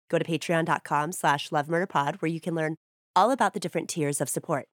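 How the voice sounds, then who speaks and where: Congested low-voiced woman co-host. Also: a little fast, dry recording, clean studio sound. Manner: joking, playful. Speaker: podcast co-host. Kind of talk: casual podcast banter.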